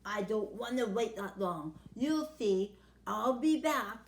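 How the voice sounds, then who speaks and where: A man's voice: high-pitched, expressive, slow, reverberant, heavily acted. A woman voicing a greedy, boastful young male worm in a told story.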